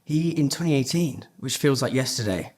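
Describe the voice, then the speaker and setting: A man's voice: mid-range voice, expressive, normal speed, a little mellow. A male podcast host with a mid-range voice, chatting casually. He rambles through his points and swears often. He says "yeah" again and again. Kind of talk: casual chat.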